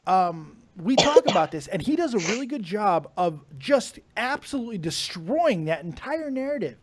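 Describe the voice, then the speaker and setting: A man's voice: high-pitched, big pitch swings, moderate pace, slight background noise. A man co-hosting a podcast, ranting in casual chat, swearing hard and laughing often. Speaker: podcast co-host.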